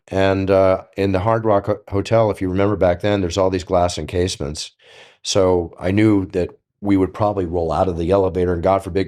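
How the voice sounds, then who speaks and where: An older man telling stories on a podcast in a casual, animated way, acting out the dialogue. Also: low-pitched. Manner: animated, acts out quoted dialogue. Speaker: guest storyteller.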